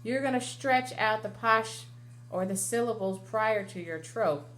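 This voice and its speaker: A woman's voice: fairly high pitch, unhurried, fairly bright tone, a little hiss or hum. A woman cantor explaining Torah chanting step by step to a class, now and then singing short phrases. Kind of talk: classroom lesson with sung examples.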